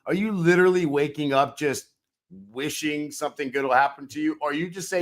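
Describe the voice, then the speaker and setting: A man co-hosting a podcast, giving an emphatic, energetic pep talk. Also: a little high, brisk. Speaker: podcast co-host.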